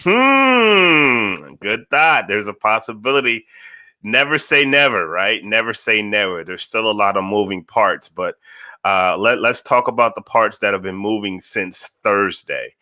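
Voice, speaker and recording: A man hosting his own podcast in a casual, energetic monologue, often repeating phrases for emphasis. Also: fairly low pitch, moderate pace. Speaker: podcast host.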